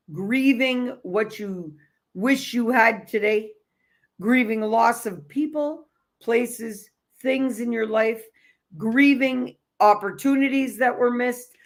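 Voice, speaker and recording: Emphatic, blunt woman coaching on energy. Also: on the high side. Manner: emphatic, repetitive, blunt, swears casually; conversational, with frequent restarts and fillers. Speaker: energy and self-love coach. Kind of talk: motivational spiritual talk.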